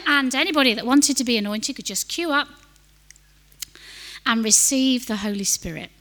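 A woman's voice: a little high, normal speed, pushed and bright. A middle-aged woman preaching a sermon, telling a personal story in an earnest, self-deprecating way.

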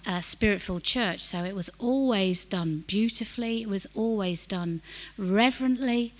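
A woman's voice: medium pitch, fairly bright tone. A middle-aged woman preaching a sermon, telling a personal story in an earnest, self-deprecating way.

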